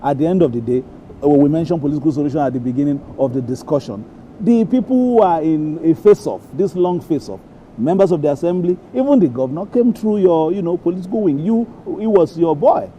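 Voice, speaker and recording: A man's voice: on the high side, lively intonation, fairly quick, mellow, a little hiss or hum. A male news presenter politely moderating a live discussion, steering it toward solutions.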